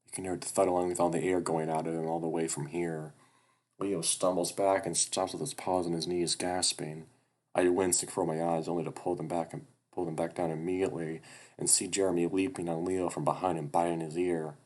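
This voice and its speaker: Низкоголосый мужчина читает визуальную новеллу. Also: male voice, deep voice, flat delivery, brisk, a little mellow. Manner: casual, swears, breaks off with asides. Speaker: visual novel narrator. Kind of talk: reading a visual novel aloud.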